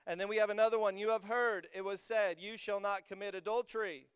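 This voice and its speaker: A young man preaching to a student congregation, energetic and joking with the crowd, rising to emphatic peaks as he reads scripture. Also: high voice, brisk, clear, resonant tone, no room sound, clean studio sound. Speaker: youth pastor. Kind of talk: sermon. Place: church hall with a student congregation.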